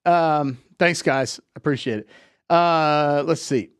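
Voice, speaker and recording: A man's voice: on the high side, slow pace, clear, resonant tone, no room sound, clean studio sound. A man coaching on relationships in a live talk, lecturing emphatically with repeated points.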